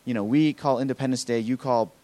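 A man preaching a sermon as pastor, acting out quotes with lively emphasis. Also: medium pitch, fast talker, no echo. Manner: animated preaching with acted-out quotes.

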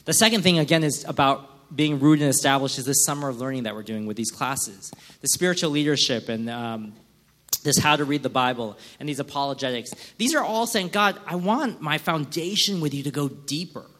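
A male pastor preaching a sermon in a church, acting out quick mock prayers and complaints. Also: medium pitch, a bit bright. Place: church sanctuary.

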